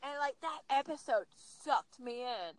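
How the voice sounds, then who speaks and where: A woman in her thirties talking casually as a podcast guest, telling stories with lively acted-out quotes. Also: high voice, measured pace, a crowd in the background, rough recording. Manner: animated storyteller, acts out quotes. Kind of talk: casual chat.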